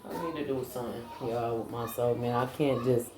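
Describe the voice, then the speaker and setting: A woman's voice: a bass voice, steady tone, fairly quick, crowd noise. A tired young woman, chatting casually and rambling to her viewers, with lots of fillers. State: tired, yawning. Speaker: vlogger, mom. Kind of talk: casual chat. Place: home kitchen. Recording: echoey room with background noise.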